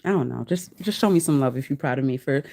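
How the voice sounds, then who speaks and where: A woman in her thirties hosting a casual livestream chat, reading search results aloud to viewers, laughing often and sounding out hard words slowly. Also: a bass voice, expressive, vocal fry, mellow. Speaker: livestream host.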